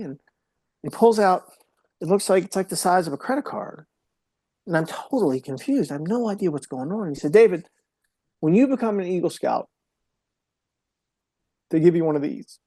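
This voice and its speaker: Middle-aged male podcast guest; earnest, heartfelt storyteller with a warm, mellow tone, dry recording. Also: sits high, lively intonation, normal speed, long pauses, no room sound. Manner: earnest, emotional storyteller, drops to a hushed voice at moments. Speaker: podcast guest, mental health speaker. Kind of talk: personal storytelling in an interview.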